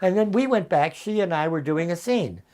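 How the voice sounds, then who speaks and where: A man's voice: high-pitched, moderate pace. Chuckling man in his eighties telling stories. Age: 80s. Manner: lively raconteur, often chuckling. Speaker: interview guest, veteran actor. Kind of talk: anecdotal storytelling. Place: his home. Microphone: video call.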